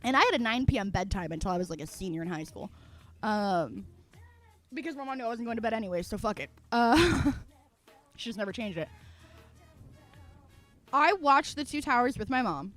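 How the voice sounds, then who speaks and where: A young woman streamer telling a story in casual chat, animated and foul-mouthed, acting out her own quotes and laughing often. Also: on the high side, moderate pace, long pauses, soft background music.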